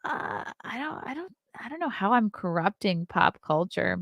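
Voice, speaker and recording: A woman's voice: mid-range voice, sing-song, moderate pace, gravelly, fairly bright tone, no room sound, dull audio. A woman in her thirties, a comedian hosting a casual livestream show, who reads viewer comments aloud and chats back. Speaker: podcast host and comedian.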